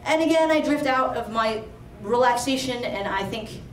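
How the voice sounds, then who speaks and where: Brief: high-pitched woman, chatty live storyteller, roomy hall, distant mic. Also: normal speed, slight background noise. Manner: chatty, animated, lots of "like". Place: storytelling stage before an audience.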